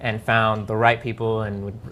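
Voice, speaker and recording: A man's voice: on the low side, level tone, moderate pace, fairly bright tone. A man co-directing a web series, talking on a live panel and trailing off mid-sentence. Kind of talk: casual panel talk.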